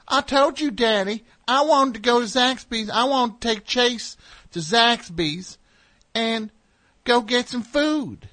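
A man's voice: takes it slowly, full character voice. A man putting on a mocking caricature of a Southern TV dad and daughter squabbling, in a thick Southern accent. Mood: mocking, shrill. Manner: high, shouty mocking caricature.

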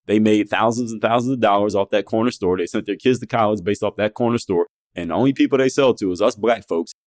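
Brash, fast-talking low-voiced man. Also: darkish tone. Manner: brash, profane, rhetorical questions. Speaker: podcast host. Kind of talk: blunt motivational monologue.

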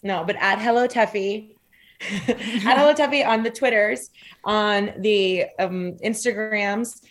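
A woman's voice: mid-range voice, takes it slowly. A woman guest on a casual podcast chat, joking and acting out voices in the stories she tells. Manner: jokey, acts out quoted voices.

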